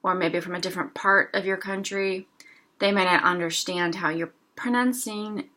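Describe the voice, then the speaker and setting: A woman teaching a language lesson, reading short dialogues aloud slowly and explaining each phrase, with a sore throat she keeps clearing. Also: on the low side, sharp tone.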